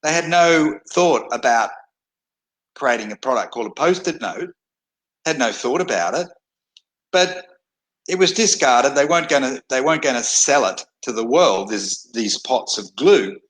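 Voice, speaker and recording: A man's voice: medium pitch, animated, moderate pace, fairly bright tone, low-quality recording. Blunt, rambling man talking to camera. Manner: rambling, repeats and restarts phrases, blunt. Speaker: internet marketer. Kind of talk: casual talking-head monologue. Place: indoors at a desk in a hot tropical climate.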